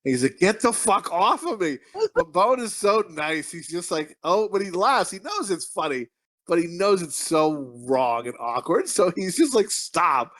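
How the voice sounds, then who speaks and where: A man's voice: high voice, sing-song, normal speed, fairly bright tone. A man co-hosting a podcast, rambling and joking crudely with his friends. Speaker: podcast co-host. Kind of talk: crude casual banter.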